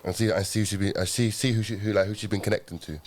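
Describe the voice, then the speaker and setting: A man's voice: on the low side, fairly even intonation, rapid-fire, slight background noise. A young man, telling a story on a podcast in a rambling, slang-filled way, tagging lines with "yeah?". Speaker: podcast co-host. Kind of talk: casual chat.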